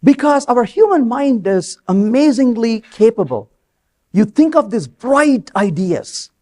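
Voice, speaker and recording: A man speaks from a conference stage, his voice pitched high and swinging widely as he tells stories. He drops into different voices to act out conversations, keeping the audience with him. He sounds close on a clip-on or headset mic. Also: unhurried. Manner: animated storytelling, acts out quoted dialogue. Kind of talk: live technical talk.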